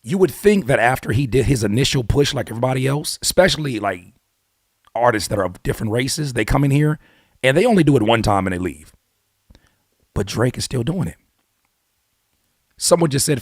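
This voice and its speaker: A man's voice: medium pitch, brisk, pauses often, no echo, studio quality. Blunt man giving hip-hop commentary. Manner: animated, blunt, rhetorical questions, casual swearing. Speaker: YouTube host and rapper. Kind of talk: opinionated music commentary.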